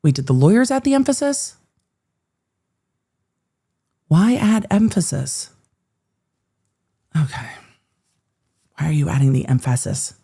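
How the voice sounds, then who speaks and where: A woman's voice: low voice, sing-song, normal speed, creaky, pauses often, warm tone, slightly rough. A woman hosting a live-streamed legal commentary show, reading court filings aloud and breaking in with sarcastic, exasperated asides.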